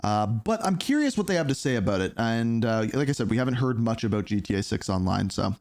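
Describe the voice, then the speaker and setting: A man's voice: fairly low pitch, very animated, fast talker, a little mellow. Casual man rambling through reaction asides. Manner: loose, rambling, questioning asides. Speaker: reaction video host.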